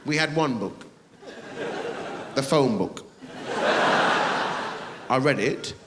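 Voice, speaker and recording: Animated man doing stand-up in a hall. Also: mid-range voice, slow. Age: middle-aged. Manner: animated, mocking, playful. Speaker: stand-up comedian. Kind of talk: stand-up comedy. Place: theatre stage. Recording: echoey hall with crowd noise. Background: audience laughter.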